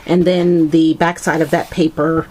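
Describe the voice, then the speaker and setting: Chatty woman with a lowish voice. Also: level tone, measured pace, darkish tone, a little hiss or hum. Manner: chatty, frequent fillers and self-corrections. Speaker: craft vlogger. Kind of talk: casual craft show-and-tell.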